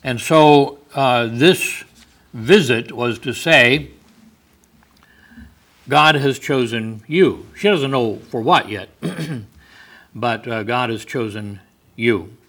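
Man teaching bible study, slow and bright, chuckles at his own asides. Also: medium pitch. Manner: thoughtful, explanatory, with small asides and chuckles. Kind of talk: sermon-style Bible study.

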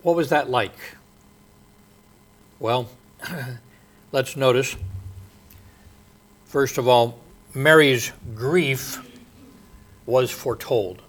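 A man preaching a sermon in a slow, halting way, with many pauses and fillers, his voice dropping soft at the ends of phrases. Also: mid-range voice.

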